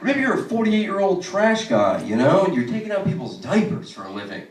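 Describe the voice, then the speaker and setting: Lively young man doing stand-up. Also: high voice, echoey room, far from the mic, a crowd in the background. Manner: profane, animated storytelling with quick asides. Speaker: stand-up comedian. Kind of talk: stand-up comedy set. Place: comedy club stage.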